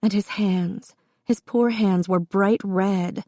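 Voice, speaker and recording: A woman reading an audiobook in steady, expressive narration. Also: medium pitch, takes it slowly, no echo, studio quality.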